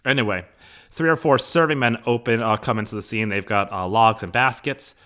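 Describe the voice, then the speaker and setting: A man's voice: fairly low pitch, a little fast, sharp tone. A man teaching a lesson, walking students through a play. He talks in a chatty way, with lots of fillers and asides, and records into a microphone. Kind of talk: recorded class lesson, reading a play aloud.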